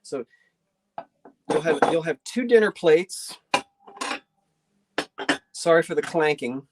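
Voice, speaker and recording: A folksy woman runs a live antiques sale stream from her decorated living room, with noise in the background. Her voice is low, slow and lively in intonation. Chatting easily as she shows each item, she trails off mid-sentence and circles back.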